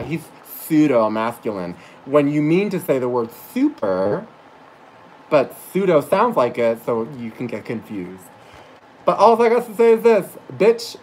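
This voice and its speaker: A high-pitched man, heard on a low-quality recording, works as a psychic reader while tipsy. His livestream is a cursing, rambling rant in which he sometimes tears up and repeatedly corrects himself.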